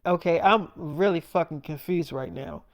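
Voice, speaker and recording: A man's voice: on the high side, normal speed. A man telling a dramatic story in a casual, gossipy, profane way.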